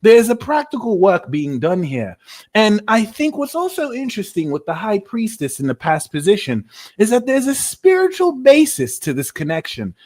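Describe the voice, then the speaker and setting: A man's voice: high voice, very animated, moderate pace, darkish tone, voice pushed up. A man voicing a cheeky, vain British tarot reader with a put-on British accent, playful and teasing during a live tarot reading. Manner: playful, teasing, mock-indignant.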